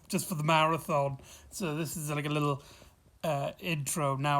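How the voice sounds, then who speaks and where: A vlog host talking in a chatty, rambling way, full of fillers and restarts. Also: mid-range voice. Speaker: vlogger host. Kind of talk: casual vlog review. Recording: echoey room.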